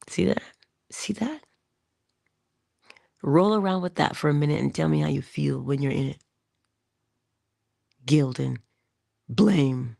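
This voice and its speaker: Woman, motivational speaker, husky voice, inspirational monologue, deliberate delivery, whispered emphasis. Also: low voice, steady tone, no echo, clean studio sound. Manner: addresses listeners directly and warmly.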